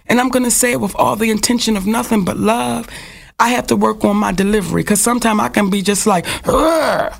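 A woman's voice: medium pitch, fairly even intonation, fast talker, gravelly. A woman, telling a personal story frankly and with profanity in casual talk.

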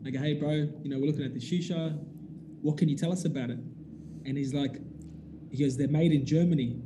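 A man's voice: a little high, fairly even intonation, brisk, noisy background. A man, telling a story in casual chat, acting out the dialogue with animation and swearing casually. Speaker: business owner telling a story.

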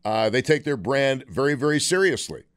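A man's voice: mid-range voice, normal speed, clear, resonant tone. Guy hosting a radio call-in show, wry and sarcastic, chatty. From Western New York. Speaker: radio talk show host.

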